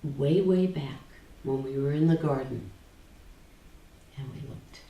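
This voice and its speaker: A woman spiritual teacher giving a deliberate talk to a small group, often dropping to near-whispers. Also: rumbling low, dull audio. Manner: slow, deliberate, drops to near-whispers on key words. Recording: roomy, distant from the mic, faint background noise.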